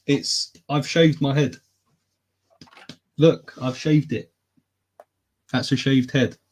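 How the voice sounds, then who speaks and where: A man's voice: mid-range voice, fairly even intonation, slow. A man co-hosting a casual podcast chat, teasing, laughing often and swearing casually. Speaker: podcast co-host.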